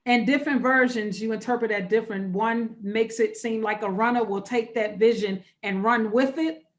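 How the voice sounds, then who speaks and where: A woman's voice: a little high, fairly even intonation, moderate pace. A woman pastor leading an interactive online workshop over a video call. She talks conversationally and repeats key phrases for emphasis. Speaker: pastor leading a church webinar.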